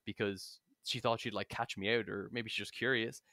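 A man with a lowish voice tells a game story in a casual podcast chat. He rambles and restarts, and he speaks in an animated way that is full of swearing. The sound is dry and close. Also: brisk, vocal fry, no echo. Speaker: guest, game master.

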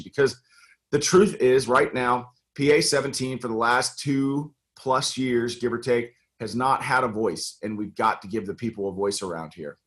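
A middle-aged man from the United States talks through a casual interview, earnest and full of stops and restarts. His voice sits at an ordinary, middle pitch. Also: fairly bright tone. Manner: earnest, many fillers and restarts. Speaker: congressional candidate and guest.

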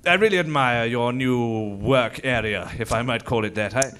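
A man's voice: medium pitch, moderate pace, fairly bright tone, clear, resonant tone, lightly acted. An actor playing a dry, sarcastic upper-class English male editor in an improvised comedy radio play recorded live on stage. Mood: sardonic. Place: live stage before an audience.

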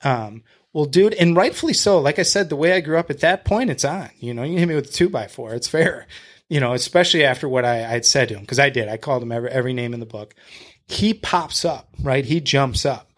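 A man's voice: mid-range voice, a little fast. A man guest on a podcast, telling a story in casual chat, blunt and profane. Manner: blunt and profane, retelling a confrontation; talks to the host with fillers and restarts.

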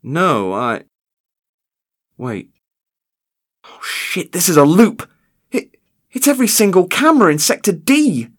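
A man voicing a male security guard who stammers in frantic panic, his voice pitched up high. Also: big pitch swings, very slow, long pauses, bright, forceful tone, exaggerated voice. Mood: panicked.

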